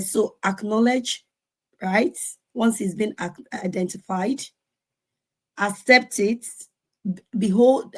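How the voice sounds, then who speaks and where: Woman in her forties, panel speaker, earnest, advice-giving, mid-pitched voice. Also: rough recording. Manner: earnest, advice-giving, acts out family dialogue. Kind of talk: panel discussion talk.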